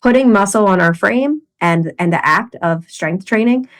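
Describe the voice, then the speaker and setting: A woman coach co-hosts a podcast and explains training ideas in a relaxed, conversational way. Her voice sits in a middle pitch. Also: moderate pace. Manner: explanatory, coach-like, many "like" fillers. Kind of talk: casual podcast chat.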